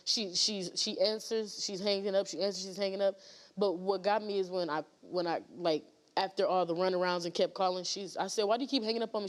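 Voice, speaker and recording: Woman guest, talk show, middle pitch, rambling delivery with many restarts and fillers. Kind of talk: emotional storytelling on a talk show.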